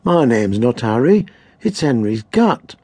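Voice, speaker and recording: Laid-back male cat, bluffing, husky voice, lively intonation; man voicing. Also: mid-range voice, a little slow, no room sound, full character voice. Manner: bluffing, trying to sound confident. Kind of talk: storybook character voice.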